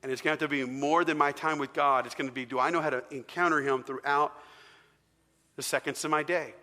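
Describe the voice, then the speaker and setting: A man's voice: on the high side, steady tone, a little fast, bright, forceful tone. A man preaching a sermon in a large church hall, talking to the congregation conversationally and asking them questions. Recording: long hall reverb.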